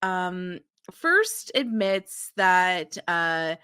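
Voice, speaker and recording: A woman's voice: lowish voice, very animated, drawn-out words, sharp tone, clean tone, dry recording, studio quality. A woman co-hosting a podcast, giving wry, opinionated commentary in a casual chat about a TV episode. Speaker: podcast co-host.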